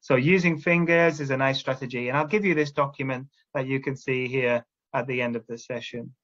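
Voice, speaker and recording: A man's voice: medium pitch, steady tone, brisk, a bit bright. Man giving a lo-fi teacher training talk. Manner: encouraging, checks in with "all right?".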